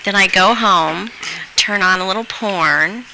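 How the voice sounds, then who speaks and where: A woman guest talks slowly and candidly on a radio show, often giggling. Her voice is very bright and tight. A faint noise sits under the studio mic. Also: medium pitch, poor audio. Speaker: contest winner, guest. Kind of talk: casual radio chat.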